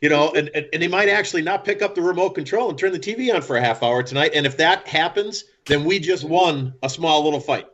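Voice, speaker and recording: A man hosting a casual conversation, agreeable and quick to chime in. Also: on the high side, a bit bright. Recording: dull lo-fi sound.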